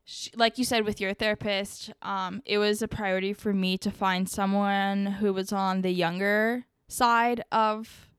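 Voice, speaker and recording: A woman chatting casually on a podcast, telling stories in an animated way with lots of fillers. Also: mid-range voice, measured pace, hardly any pauses, clean tone, no room sound, clean studio sound. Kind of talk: casual chat.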